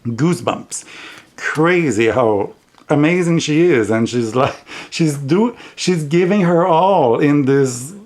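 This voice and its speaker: A man's voice: fairly high pitch, animated, slow pace, darkish tone. A man with a heavy non-native accent chatting casually on his tarot vlog, rambling and giggling as he goes. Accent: heavy non-native English accent. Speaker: tarot vlogger.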